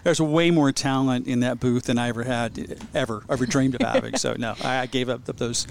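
A man's voice: medium pitch, fairly even intonation, fairly quick, creaky, a little hiss or hum. A middle-aged man, a speedway general manager, chatting casually on a podcast and telling stories with quoted voices. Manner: storytelling, acts out quoted voices.

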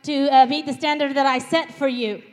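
A woman's voice: high voice, fairly even intonation, moderate pace, close to an everyday voice. A woman playing an overbearing, proud mother with a put-on Australian accent and gushing, backhanded praise. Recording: live stage with loud crowd.

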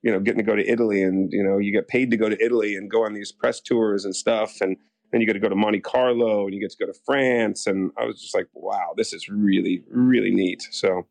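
Animated male soap actor telling stories. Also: fairly low pitch, fast talker, no echo. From United States. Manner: animated storyteller, acts out quotes. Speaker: soap opera actor, guest. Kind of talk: casual interview chat.

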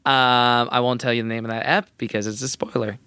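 A man's voice: medium pitch, level tone, fairly quick, pushed and bright, smooth, no room sound. A young adult man co-hosting a podcast, chatting casually and joking playfully with frequent laughs. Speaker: podcast co-host. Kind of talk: casual chat.

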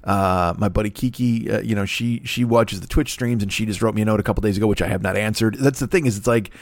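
A man's voice: lowish voice, fast talker, no room sound. A man hosting a solo podcast, rambling in a profane, self-deprecating way. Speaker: podcast host.

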